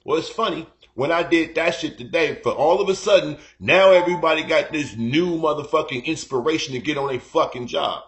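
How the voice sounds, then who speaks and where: A man with a fairly high speaking voice rants through a story on his own stream. He curses freely and circles back with loose fillers. He talks casually and heatedly, straight to his viewers. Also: a little fast, few pauses, a bit bright. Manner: profane, heated ranting; rambling, repeats "you know what I'm saying". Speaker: live-stream host.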